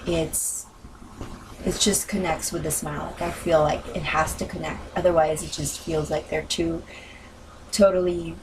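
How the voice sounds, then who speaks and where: A woman's voice: fairly low pitch, recorded from a distance, noisy background. A woman narrating a crafting video in a casual voice-over, rambling with many ums and self-corrections, her voice worn from talking. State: losing her voice.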